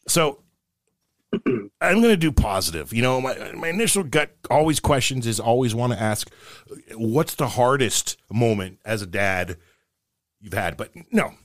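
A man's voice: mid-range voice, lively intonation, a little slow, no echo, studio quality. Rambling middle-aged man telling dad jokes. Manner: rambling, self-mocking joke teller. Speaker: podcast co-host. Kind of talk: casual podcast chat, telling dad jokes.

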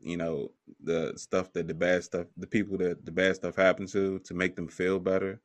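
A man's voice: deep voice, flat delivery, moderate pace, dry recording. A man hosting a podcast interview, laid-back and joking, with lots of filler phrases. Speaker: podcast host.

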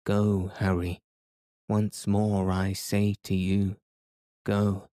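A man's voice: lowish voice, monotone, extremely slow, warm tone, no echo, clean studio sound. A man reading a stubborn old professor. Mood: stern. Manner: insistent, commanding. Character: stubborn elderly male professor, fierce explorer.

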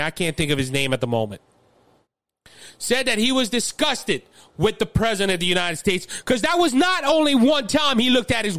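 A man's voice: high voice, a bit bright, dry recording. A man with a Louisiana accent hosting a political commentary show, impassioned and fiery, often repeating words as he builds steam. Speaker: podcast host.

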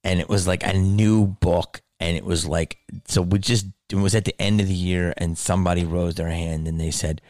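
A man's voice: low voice, fairly even intonation, moderate pace, few pauses, dry recording, studio quality. A man doing a profane, emphatic stand-up rant about his schooling and distrust. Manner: profane, emphatic, rising to shouted rants.

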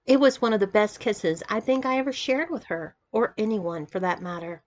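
Woman, mid-pitched, even first-person story reader. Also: normal speed, muffled recording. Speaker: audiobook reader.

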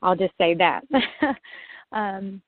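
A woman's voice: medium pitch, very slow, no echo. A woman guest telling her own story in a casual interview, acting out what she once said and laughing often. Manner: lively, acts out her own past remarks, laughs often. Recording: dry, phone-like line.

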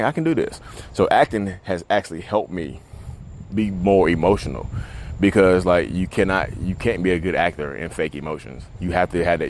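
A man's voice: sits low, slight background noise. A man talking casually to camera outdoors at a beach, rambling and conversational with lots of fillers. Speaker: vlogger.

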